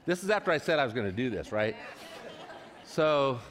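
A man's voice: medium pitch, big pitch swings, moderate pace, fairly bright tone, a faint crowd. A male pastor telling a personal story in a sermon, chatty and self-deprecating, stumbling over his words as he goes. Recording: long reverb of a large hall.

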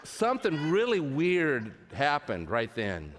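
A man's voice: fairly high pitch, wildly swooping pitch, slow, noisy background. A male pastor telling a personal story in a sermon, chatty and self-deprecating, stumbling over his words as he goes. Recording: long reverb of a large hall.

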